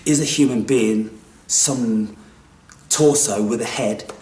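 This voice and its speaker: A man delivering a theatrical spiritual monologue, swinging from hushed whispers to loud outbursts. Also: mid-range voice, slow. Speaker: spiritual video maker. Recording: echoey room, distant mic.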